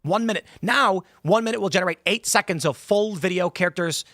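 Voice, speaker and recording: Argumentative male host, slightly high voice, dry studio mic, talk-show debate. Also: a bit bright, no echo. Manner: pushy, argumentative, quick to interrupt. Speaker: podcast host. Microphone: studio microphone.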